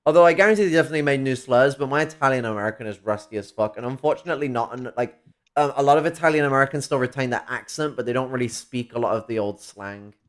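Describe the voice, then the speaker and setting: A man's voice: mid-range voice, very fast. A man in heated, rambling casual chat, swearing freely as he talks.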